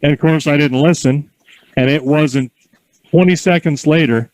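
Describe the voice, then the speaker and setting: A man giving calm, encouraging instructions in an outdoor horse corral, mixing in folksy stories. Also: fairly high pitch, normal speed, no echo, low-quality recording. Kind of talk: outdoor coaching with anecdotes.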